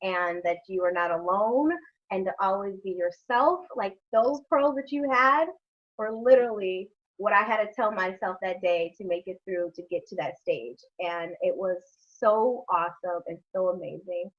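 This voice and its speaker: A woman's voice: medium pitch, moderate pace, dull audio. A woman hosting an interview, talking frankly and emotionally, with some salty language. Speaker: host. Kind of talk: candid conversational interview.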